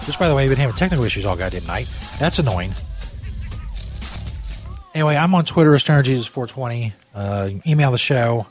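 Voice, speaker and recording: Man, ranting comedy host, swearing constantly, lively voice swinging up into yells, faint music behind. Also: mid-range voice, normal speed, long pauses. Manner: profane, exasperated ranting, yelling at drivers. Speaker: comedy podcast host playing a frustrated sports broadcaster. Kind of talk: improvised comedy bit.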